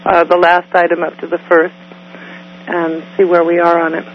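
A woman's voice: lowish voice, completely flat delivery, moderate pace, slight background noise. A woman calling into a committee meeting by phone, stating her view plainly and making a motion. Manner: direct, makes motions plainly. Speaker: committee member. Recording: muffled phone line.

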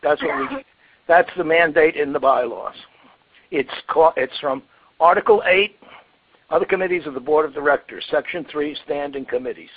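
A man reading bylaws aloud in a committee meeting, halting while he finds his files and then reading steadily. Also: a little high, no room sound. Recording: phone-line audio, husky.

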